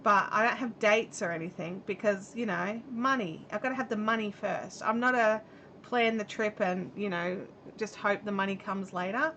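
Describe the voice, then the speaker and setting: A middle-aged Australian woman crochets at home while hosting a live stream, rambling casually and reading comments aloud. Her mid-range voice is a bit bright, fairly even in intonation and at normal speed. The camera-mic audio has its highs cut off and a little hiss or hum.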